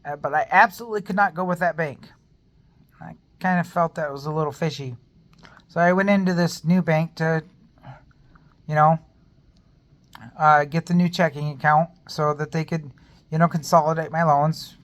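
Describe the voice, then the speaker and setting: A man's voice: fairly high pitch, fairly even intonation, moderate pace, pauses often, fairly bright tone. A man talking to camera in a personal vlog, earnest and rambling as he shares a faith testimony and speaks openly about being in pain. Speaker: vlogger.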